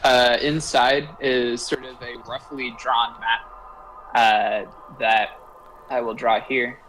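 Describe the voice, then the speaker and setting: A man narrating a tabletop game as game master, slow and hesitant with many pauses and filler sounds. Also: medium pitch, little pitch movement, a bit bright, slight background noise, rough recording.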